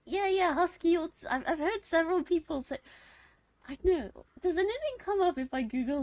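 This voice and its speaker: A woman with a posh British accent and a husky, deepish voice, chatting casually on a late-night stream in a rambling, giggly, self-mocking way. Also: expressive, moderate pace, darkish tone, no echo. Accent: posh British English. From Britain. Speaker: live streamer.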